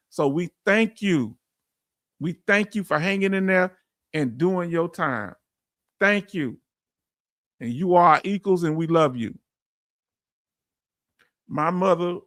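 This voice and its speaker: Man, livestream host, fairly high voice, dry close sound, heartfelt and chatty. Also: no room sound. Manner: emotional, reads chat comments aloud, shouts out to viewers. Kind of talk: casual livestream chat.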